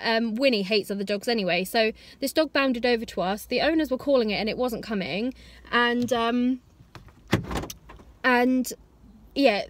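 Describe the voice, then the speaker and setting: Chatty woman, fairly high voice. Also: no room sound. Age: 20s. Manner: chatty and rambling, full of "like" and "um", scolding her dogs. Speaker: vlogger. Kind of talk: casual vlog chat. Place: outdoors in woods, later at home.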